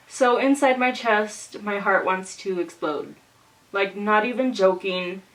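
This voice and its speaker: Young woman, casual storytime vlogger, lively and exclaiming, mic a little distant. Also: mid-range voice, a little slow. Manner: animated, exclaiming, acts out quotes.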